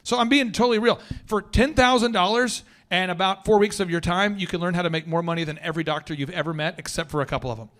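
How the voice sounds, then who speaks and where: High-voiced, energetic male podcast host. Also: fast, few pauses. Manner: animated, energetic storyteller, slangy. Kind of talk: casual podcast chat.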